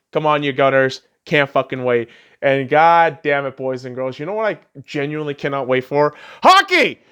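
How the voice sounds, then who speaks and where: A man's voice: mid-range voice, clean tone. A man hosting a podcast, delivering a solo sports rant full of heated profanity. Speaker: podcast host.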